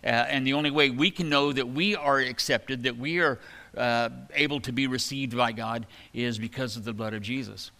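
A man preaching a sermon in a relaxed, conversational way, with plenty of fillers. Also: medium pitch, moderate pace. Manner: conversational, folksy, many fillers. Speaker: pastor. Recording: long hall reverb.

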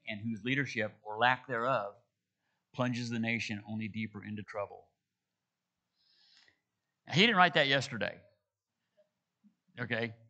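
A man's voice: medium pitch, bright, forceful tone. A man preaching a sermon, reading scripture and retelling it in casual everyday dialogue, with frequent restarts. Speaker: pastor. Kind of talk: sermon, expository Bible teaching.

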